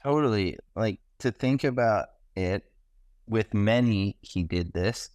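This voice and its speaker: A young man with a lowish voice tells stories on a podcast, excited and slangy, jumping into quoted lines. His voice sounds clean and smooth, recorded close and dry. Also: slow, dry recording. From Canada. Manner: enthusiastic, animated, slangy, acts out quotes. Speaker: podcast guest, pro snowboarder. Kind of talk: casual podcast storytelling.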